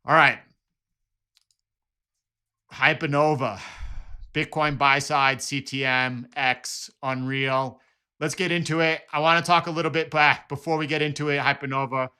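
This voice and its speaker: A man's voice: on the high side, fairly even intonation, measured pace, pauses often, pushed and bright, clear, resonant tone. A man hosting casual market commentary, talking conversationally with many restarts and repeated words. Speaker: market analysis host.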